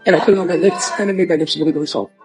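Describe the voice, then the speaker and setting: A man's voice: on the high side, fairly even intonation, racing, a little mellow, faint music behind, low-quality recording. A young man on a phone livestream chatting casually and talking back defensively to viewer comments in a rambling way.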